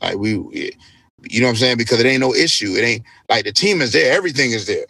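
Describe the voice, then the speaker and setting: A man, a DJ guest on an interview podcast, telling a story in a casual, animated way with plenty of swearing. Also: medium pitch, fast, creaky, breathy edge, no echo. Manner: animated, profanity-laced storytelling.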